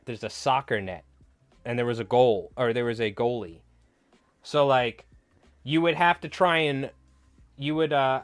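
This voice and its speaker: A man's voice: medium pitch, dry recording. Rambling young man telling stories, dry sound. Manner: rambling storyteller, heavy with filler words and swearing. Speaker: livestream host. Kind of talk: casual chat while tying flies on a live stream.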